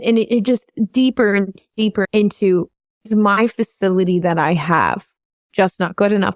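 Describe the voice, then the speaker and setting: A woman's voice: mid-range voice, no echo. Brief: woman vocal coach hosting, earnest and rambling, open about feelings, dry close sound. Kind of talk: candid podcast conversation.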